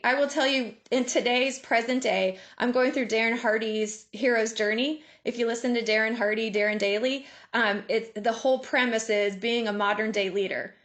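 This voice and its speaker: Woman, slightly high voice, animated motivational speaker on a video call. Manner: lively, laughs often, acts out inner voices. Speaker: guest speaker. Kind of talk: motivational talk.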